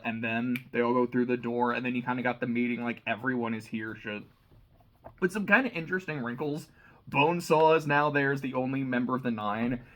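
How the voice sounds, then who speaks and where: A young man chatting casually about a book, retelling scenes in a loose, animated way with plenty of swearing and fillers. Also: mid-range voice. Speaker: book reviewer. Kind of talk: casual chat.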